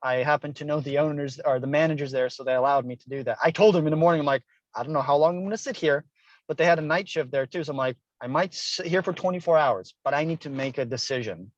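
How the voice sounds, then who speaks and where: A man's voice: on the high side, fast, no room sound. Middle-aged guy telling his story in an interview, earnest, dry dull lo-fi sound. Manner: earnest, personal, acts out quoted dialogue. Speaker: guest author. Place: Hilo, Hawaii.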